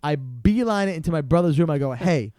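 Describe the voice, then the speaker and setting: A young man with a fairly high, smooth, mellow voice tells a story in casual podcast chat. He acts out other people's lines as he goes, and the sound is dry and close on a studio mic. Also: fast talker, no echo. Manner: animated, acts out salesmen's voices in quotes. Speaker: podcast guest.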